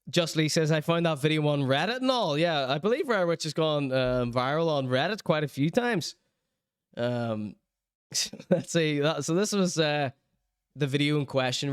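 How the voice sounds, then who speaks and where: A man's voice: on the high side, expressive, measured pace, smooth, no echo, clean studio sound. A man hosting a podcast, chatting casually and laughing often while he comments on clips. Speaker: podcast host.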